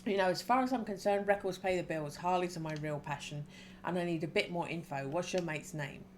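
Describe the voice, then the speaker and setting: A woman gives voice to a jovial middle-aged biker who owns a record shop, in a story game. He talks in a hearty, easy way, and the voice sits fairly low. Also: a little fast, slight background noise, natural voice.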